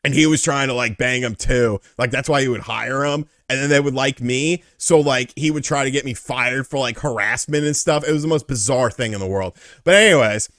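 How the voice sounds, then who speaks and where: A man hosting a casual interview, telling stories in an animated, profane way. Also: medium pitch, a little fast, hardly any pauses, no room sound, clean studio sound. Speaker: host.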